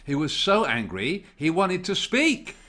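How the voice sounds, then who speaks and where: Expressive man telling kids' stories. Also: high-pitched. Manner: slow, exaggerated, expressive storytelling. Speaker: children's storyteller. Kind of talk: storytelling for young children.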